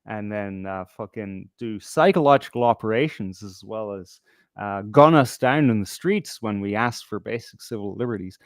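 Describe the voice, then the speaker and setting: A man, co-hosting a casual talk show and ranting in a profane, animated way with many fillers. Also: fairly low pitch, moderate pace, no room sound, studio quality. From Ireland. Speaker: podcast co-host. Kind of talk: casual chat.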